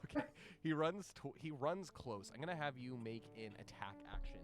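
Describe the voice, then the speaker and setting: Guy GM narrating a tabletop game, lively pitch, says um a lot. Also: moderate pace, loud music behind the voice. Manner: animated storytelling with fillers. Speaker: game master.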